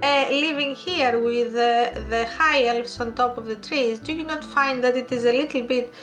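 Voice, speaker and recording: A woman playing a tabletop game, speaking politely and hesitantly with many pauses. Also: fairly high pitch, fairly bright tone, faint music behind. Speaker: player. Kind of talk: tabletop role-play.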